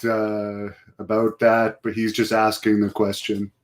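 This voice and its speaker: A man's voice: lowish voice, monotone, a little slow. A man hosting a casual live interview, reading out fan questions in a matter-of-fact way.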